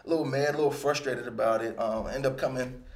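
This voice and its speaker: A man in his thirties talks through his career in an easygoing, rambling way, with his voice at an ordinary middle pitch. Now and then he breaks into lively, animated bursts as he tells his stories. The recording has a noticeable roomy echo. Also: fast. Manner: relaxed, rambling, with animated bursts when quoting himself. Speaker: retired football player, interview guest. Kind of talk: casual storytelling interview.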